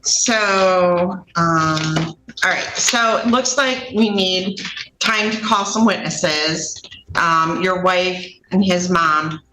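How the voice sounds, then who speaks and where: A woman judge questioning a witness in court, brisk and firm as she keeps the hearing in order. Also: on the low side, sharp tone. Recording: echoey courtroom mic, faint noise.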